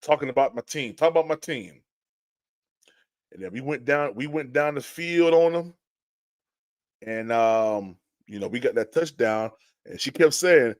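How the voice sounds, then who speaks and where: A man hosting a fan podcast, telling stories in a lively, casual way with many restarts and greeting chat viewers. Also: medium pitch, measured pace, no echo, studio quality. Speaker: podcast host. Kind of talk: casual live-stream chat.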